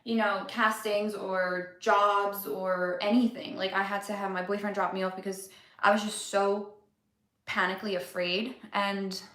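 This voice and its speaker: A woman's voice: mid-range voice, flat delivery, unhurried, fairly bright tone. Young woman telling a candid story. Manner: candid, swears a lot, lots of "like". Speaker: vlogger. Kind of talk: casual storytelling vlog. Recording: roomy echo.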